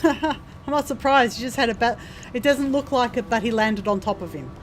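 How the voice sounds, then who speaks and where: A woman with a voice on the high side streams a video game at a normal speed. Her commentary is casual, thinking aloud and explaining the game's mechanics as she plays.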